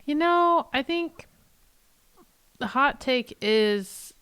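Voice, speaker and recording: A woman's voice: high-pitched, animated, drawn-out words, a bit bright, no room sound. A woman co-hosting a film podcast, chatting casually with wry jokes. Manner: wry, joking. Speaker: podcast co-host. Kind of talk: casual chat.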